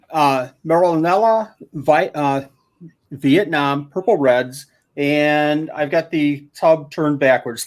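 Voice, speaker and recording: Rambling man telling a story, higher voice. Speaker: guest isopod keeper. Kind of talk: casual livestream chat. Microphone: handheld camera.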